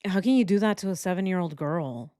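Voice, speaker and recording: A woman reacting to court coverage, speaking haltingly with many restarts and pauses, shaken by what she hears. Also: fairly low pitch, expressive, dark tone, no room sound, studio quality. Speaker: true crime commentator.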